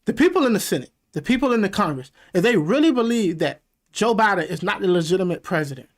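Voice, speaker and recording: A man's voice: high-pitched, fast talker. A man hosting a reaction video, commenting casually and animatedly with frequent swearing. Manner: animated, profane, laughing asides.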